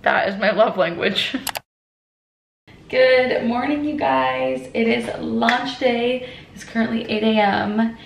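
A woman's voice: fairly high pitch, takes it slowly, vocal fry, slight background noise. A woman in her twenties, talking to camera in a casual vlog from her apartment, bubbly and chatty with lots of fillers. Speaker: vlogger and brand founder.

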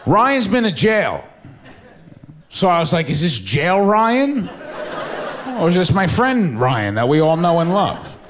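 A man's voice: on the high side, big pitch swings, measured pace, a little hiss or hum. A young man with a New York accent, from Staten Island, telling a story in a stand-up set and acting out his friends' voices. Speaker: stand-up comedian. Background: audience laughter.

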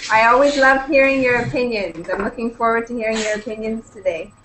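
A woman's voice: a little high, brisk, noisy background. A young woman from British Columbia, cheerfully welcoming students one by one as an online English conversation teacher. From British Columbia, Canada. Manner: cheerful and welcoming, greets each student in turn. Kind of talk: upbeat online class chat.

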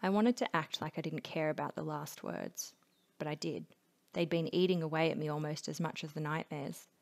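Low creaky woman reading a book aloud, calm and even, slips into whispers sometimes. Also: normal speed. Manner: steady, low-key narration, dropping to a whisper in places. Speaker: audiobook reader.

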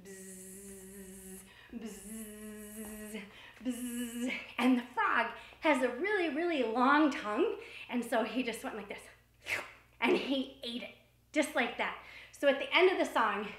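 A young woman leads a children's dance class in a very high, bright voice, playful and full of encouragement. Her words ring around an echoey room while faint music plays underneath. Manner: playful and encouraging, with frequent gasps. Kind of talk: kids' movement lesson.

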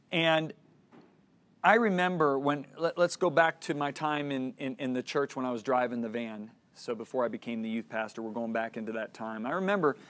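Earnest middle-aged male Bible teacher. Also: medium pitch. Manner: earnest storytelling, acts out dialogue. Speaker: Christian teacher. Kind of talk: teaching lesson with personal story.

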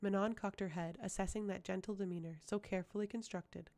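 A woman reading a fantasy novel aloud as an audiobook, at a measured, even pace. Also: mid-range voice. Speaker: audiobook reader. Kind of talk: audiobook narration.

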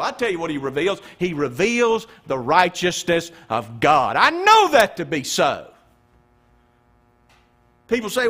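A man preaching a sermon in a high, bright voice. His pitch swings widely as he fires off rhetorical questions and then sinks into hushed, weighty phrases. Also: wildly swooping pitch, unhurried. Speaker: pastor.

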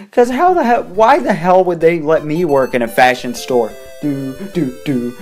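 A young adult let's play gamer chatting in a rambling way, humming to themself and breaking into sudden loud outbursts at the game. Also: medium pitch. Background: faint game music.

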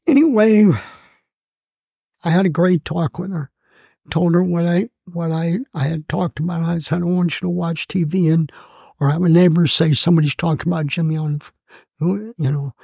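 A man in his eighths decade, a Marine veteran, telling his story in an oral-history interview, halting and emotional with many fillers and restarts. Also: fairly high pitch, gravelly, warm tone, slightly rough, no echo. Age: 80s.

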